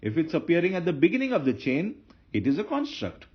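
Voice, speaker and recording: A man's voice: fairly high pitch, wildly swooping pitch, fast. A man teaching Hebrew grammar in a patient lecture, often repeating himself and correcting slips. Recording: dull lo-fi lecture recording with faint noise.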